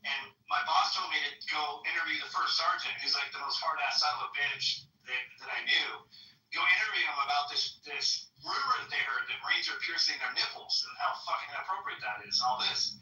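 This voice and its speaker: A male podcast host telling quick, chatty anecdotes in casual talk. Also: on the high side, sharp tone, roomy sound, distant mic, slight background noise, rough recording. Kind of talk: casual storytelling chat.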